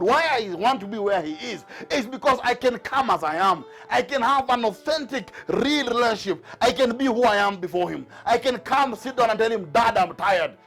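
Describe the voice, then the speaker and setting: A man's voice: very high voice, fairly bright tone. A man preaching a sermon to a Bible class, driving his points home with repeated rhetorical questions. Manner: emphatic, repetitive rhetorical questions.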